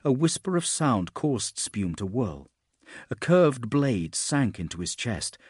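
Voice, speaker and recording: A man reading fantasy fiction aloud in a steady, measured narration. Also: medium pitch, slightly rough, no room sound, clean studio sound. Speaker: audiobook narrator.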